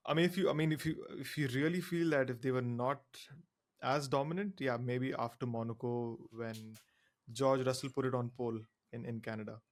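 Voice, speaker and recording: A man's voice: mid-range voice, fairly even intonation, a little fast. A man on a podcast who speaks hesitantly, often stopping to search for words. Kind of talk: casual podcast chat.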